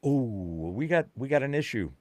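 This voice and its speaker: A man's voice: mid-range voice, very animated, moderate pace, a little mellow, no echo. A man, a podcast guest, explaining his views in an emphatic, conspiratorial way. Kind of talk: casual chat.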